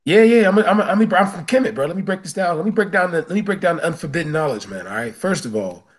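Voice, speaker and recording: A man's voice: high-pitched, expressive, racing, breathy edge. A man in casual group call banter, joking in a mock-serious way. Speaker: call participant.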